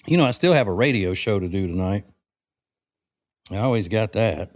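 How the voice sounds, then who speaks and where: A man's voice: lowish voice, animated, normal speed, darkish tone, no room sound, studio quality. A middle-aged man from the South, hosting a casual cigar-smoking podcast chat in a rambling, folksy way with fillers and restarts. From American South. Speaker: podcast host.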